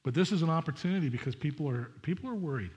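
A middle-aged man, a pastor preaching a sermon in a chatty, animated way with asides to the congregation. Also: on the high side, racing.

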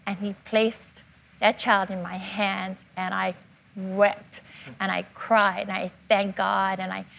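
A woman's voice: mid-range voice, flat delivery, slow, vocal fry, fairly bright tone. An older woman telling her personal testimony in a church interview, emotional and fervent, repeating herself for emphasis. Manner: fervent, emotional storytelling with repetition. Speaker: church member giving testimony.

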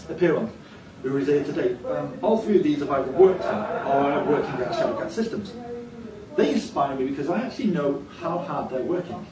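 A man giving a conference talk in a slightly higher voice, with a wry, self-deprecating sense of humour. His voice echoes around a hall, picked up from some distance away. An audience fills the room around him. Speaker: conference organiser and speaker.

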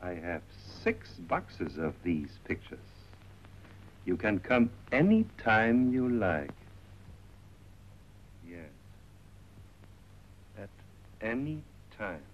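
Coaxing shopkeeper. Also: male voice, on the low side. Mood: courteous. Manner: soft, coaxing, courteous. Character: smooth middle-aged bazaar owner, ingratiating. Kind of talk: 1930s film acting. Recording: dull 1930s film soundtrack with faint hiss.

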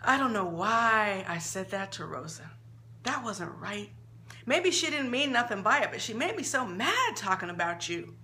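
A woman's voice: medium pitch, very animated, normal speed, pushed and bright, slight background noise. A woman reading the lines of a tearful, blunt, worn-down mother in a dramatic story reading. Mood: upset. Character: weary, hot-tempered struggling mother, adult woman.

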